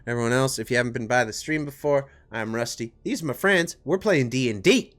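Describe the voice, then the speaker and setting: A man streaming a tabletop game as game master, excitable and swearing freely while chatting over voice chat. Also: mid-range voice, fairly quick, no echo. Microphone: headset or desk mic over voice chat.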